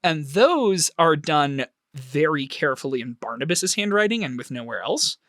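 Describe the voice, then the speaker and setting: A man acting as game master, narrating a tabletop game in a lively, storytelling way. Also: a little high, normal speed, no room sound, studio quality.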